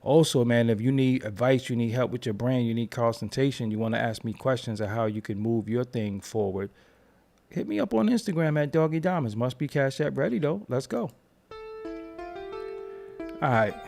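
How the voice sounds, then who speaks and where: A man's voice: mid-range voice, fairly quick, gravelly, a little mellow, soft background music. A man hosting a casual live stream, loose and rambling, tired and yawning between repeated phrases. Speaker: YouTube commentary host.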